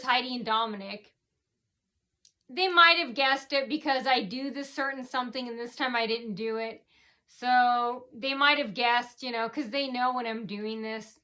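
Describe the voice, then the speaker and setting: A woman vlogger rambles through a long personal story, halting often, full of fillers and restarts, with sentences that tend to fade off quietly. Her voice is a little high.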